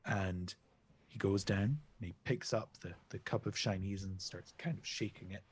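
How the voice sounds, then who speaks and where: A man narrating a tabletop game as game master in a playful, animated way. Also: low voice, moderate pace, breathy edge.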